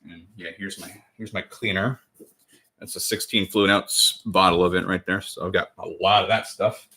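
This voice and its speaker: A man's voice: sits low, fairly even intonation, moderate pace, bright, forceful tone, husky. A man in his twenties talking casually on a livestream while crafting, rambling and correcting himself as he chats with viewers. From United States. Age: 20s. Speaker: cosplay livestreamer.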